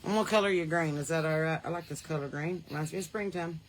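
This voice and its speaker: A woman with a Southern American accent hosting a podcast, chatting folksy and loose from her porch into a phone, laughing often and swinging between loud and soft. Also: sits low, quick pace, a little hiss or hum. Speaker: podcast host. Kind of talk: casual livestream chat. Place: outdoors on a porch. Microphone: phone on a holder.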